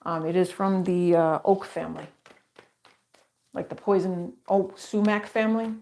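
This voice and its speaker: A woman's voice: on the low side, measured pace, warm tone. A woman giving a tarot reading who talks straight to her viewers in a chatty, emphatic way, repeating phrases and tossing in rhetorical questions. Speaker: tarot reader. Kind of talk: solo tarot reading to camera.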